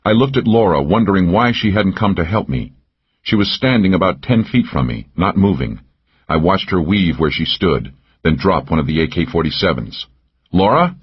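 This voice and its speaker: A man's voice: deep voice, animated, moderate pace, breathy edge, lo-fi sound. A man narrating a first-person thriller audiobook, tense and driving in action scenes.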